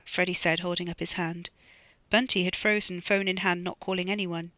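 An author reading their own novella aloud as audiobook narration, measured and steady. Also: mid-range voice, creaky, no echo.

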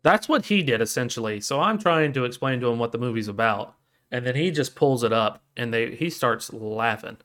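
A man co-hosting a casual podcast, retelling a film scene with lively energy and leaping into high voices for the characters he quotes. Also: moderate pace. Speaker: podcast co-host. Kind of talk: casual chat.

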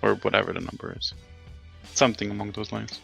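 A man's voice: on the low side, flat delivery, quick pace, gravelly, pushed and bright, slightly rough, soft background music. A man co-hosting a casual football podcast, ranting in an exasperated way and swearing often. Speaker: podcast co-host.

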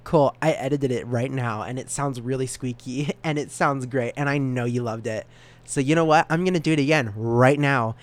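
A man in his twenties hosting a solo podcast, rambling in a self-mocking way and often stumbling over and repeating words. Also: moderate pace. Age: 20s. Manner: animated jumps in pitch and volume. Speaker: podcast host.

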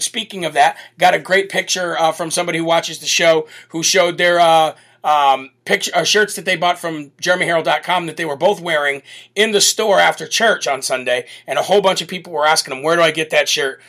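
American male host, bright and punchy, upbeat chatty shout-outs to viewers. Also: sits high. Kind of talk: live show reading viewer comments.

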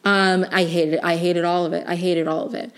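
Young woman, slightly low voice, casual vlog reviewer, rambly and gushing, lots of filler words. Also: little pitch movement, moderate pace. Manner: rambling, many "like" fillers and restarts; gushing, emotionally invested. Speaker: TV review vlogger.

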